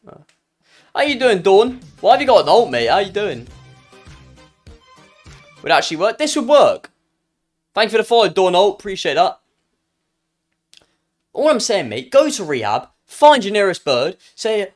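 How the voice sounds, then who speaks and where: A young man with a British accent, chatting live on stream with a light, higher-pitched voice. His tone swings widely as he jokes and teases his chat. He often stumbles and restarts mid-sentence. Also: big pitch swings, moderate pace, pauses often, faint music behind. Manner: joking, playful, trails off and restarts.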